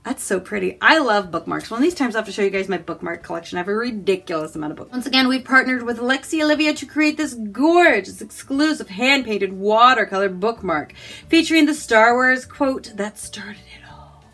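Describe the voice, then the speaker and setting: A bright, fairly high-voiced American woman talks her way through a book subscription unboxing in an easy, chatty way. She reacts with gasps and quick asides as each item comes out. Faint music plays softly behind her. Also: lively intonation. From United States. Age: adult, married. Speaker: book box unboxing vlogger. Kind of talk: casual unboxing chat.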